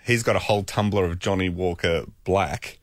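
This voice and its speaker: A man telling a long anecdote on a talk show, animated and laughing often. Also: deep voice, moderate pace, dry recording, clean studio sound. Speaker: podcast guest. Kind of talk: casual storytelling chat.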